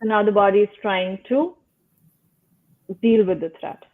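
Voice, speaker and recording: A woman guest calmly explaining how the body and nervous system work, using simple metaphors and checking in with "right?". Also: mid-range voice, a little slow. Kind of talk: casual explanatory talk. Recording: tinny phone-like call line.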